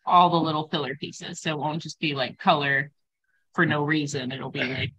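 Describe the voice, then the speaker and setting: Woman, co-host, chatty, upbeat, low-pitched, dry close sound. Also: fairly even intonation, normal speed, fairly bright tone, husky, dry recording, muffled recording. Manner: chatty, upbeat, frequent "like" fillers. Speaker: artist and co-host. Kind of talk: casual chat.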